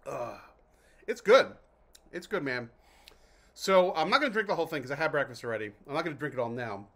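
A man's voice: a little high, lively intonation, brisk, bright, forceful tone. A man from New Jersey hosting a casual vlog, reviewing mineral water in a chatty, jokey, self-interrupting way. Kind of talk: casual rambling vlog talk.

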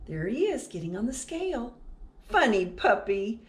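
A woman hosting a children's storytime, reading a picture book aloud in an animated sing-song way and talking directly to young listeners. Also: a little high, normal speed.

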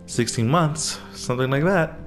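A man's voice: a little high, normal speed, soft background music, pitched above the performer's own voice, natural voice. A man reading the lines of a sarcastic young woman cat in a game, in his own voice. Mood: deadpan. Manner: dry, sarcastic. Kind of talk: reading game dialogue aloud.

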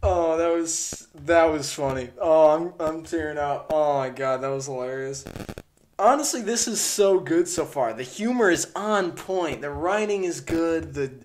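A man's voice: on the high side, a little slow, slight background noise. A young man hosting a reaction video, gushing and laughing a lot as he comments. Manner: giggly, gushing, laughs often. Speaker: reaction channel host.

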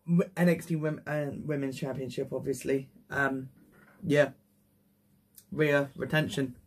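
A young man giving casual wrestling predictions, excitable, swearing freely and whooping with hype. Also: fairly high pitch.

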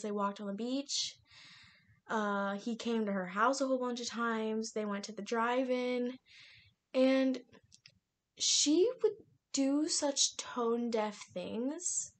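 A young woman with a high-pitched voice rants about a book she just read, exasperated and animated. She draws her words out slowly and breaks into laughter between mocking impressions of the characters. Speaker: book reviewer. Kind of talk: casual ranting book review.

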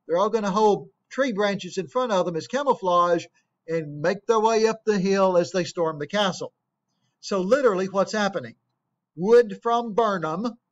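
High-voiced man explaining a play. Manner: plain, explanatory, asks rhetorical questions. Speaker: teacher. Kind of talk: explaining a play and reading quotes aloud. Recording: dull lo-fi recording.

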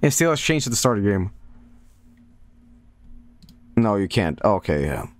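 A man's voice: fairly low pitch, sing-song, moderate pace, no echo. A man streaming a game, rambling and sardonic in casual commentary, laughing often.

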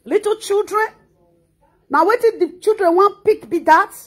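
Her voice is extremely high-pitched and moves at a normal pace. A social media commentator, she is a Nigerian woman in her thirties with a Nigerian Pidgin accent who scolds in a heated reaction monologue, frequently repeating words.

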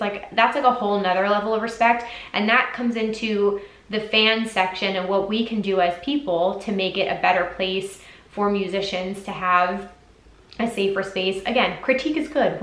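A woman's voice: mid-range voice, steady tone, fairly quick, a bit bright. Woman podcast host ranting casual, says like a lot, swears, roomy echo on the mic. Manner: casual, heavy swearing, lots of "like". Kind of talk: candid solo podcast talk. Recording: echoey room.

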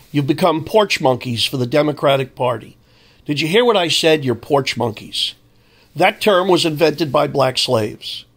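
A man's voice: a little high, a bit bright. An older man delivering an angry, emphatic monologue as a commentator. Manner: emphatic, heated ranting.

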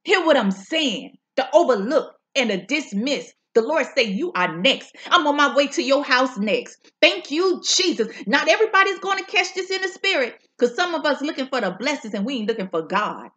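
Fervent high-voiced woman preaching with lively swoops. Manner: fervent, repeats lines for emphasis, soulful drawn-out "ooh" and "mm". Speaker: prophetic preacher. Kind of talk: impassioned prophetic preaching. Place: at home.

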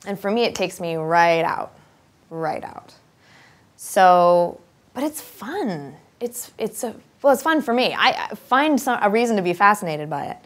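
A woman actress and accent coach talking openly and at length, animated and straightforward, thinking aloud with ums. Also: mid-range voice, normal speed. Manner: open, straightforward, talkative. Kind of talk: casual interview talk.

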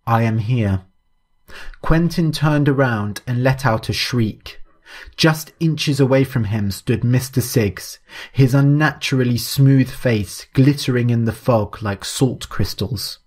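A man narrating a story in a measured, even, scripted way. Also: mid-range voice, slightly rough.

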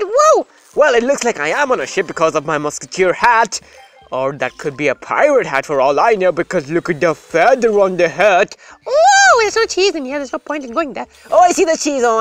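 A gaming host giving playful, rambling let's-play commentary that breaks into sudden excited shouts. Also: medium pitch.

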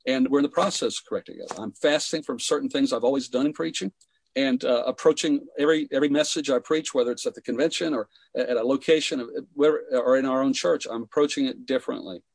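A man, a pastor, answering in a podcast interview, speaking haltingly with many fillers. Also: medium pitch, creaky, no room sound.

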